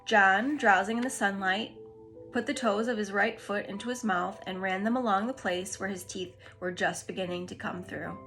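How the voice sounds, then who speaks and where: Lady reading a kids book out loud, gentle and expressive, bright tone. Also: mid-range voice, normal speed, soft background music. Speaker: storybook reader. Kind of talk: reading a children's book aloud.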